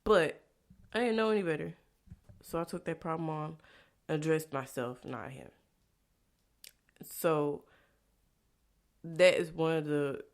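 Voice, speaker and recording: A woman vlogger with a gravelly, low voice tells her story candidly. She swears freely and keeps asking rhetorical questions. She shifts between hushed confiding and loud, exasperated bursts.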